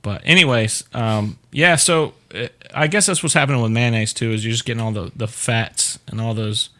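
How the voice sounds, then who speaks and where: A man's voice: mid-range voice, normal speed, pushed and bright. A middle-aged man hosting a casual chat show, joking and rambling with lots of fillers. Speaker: show host.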